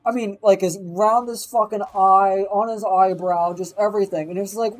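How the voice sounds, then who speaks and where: A high-voiced man talks at normal speed with few pauses, on poor audio. He rambles through a casual story on a stream, swearing all the time and enlivening it with quoted voices in an animated, profane way.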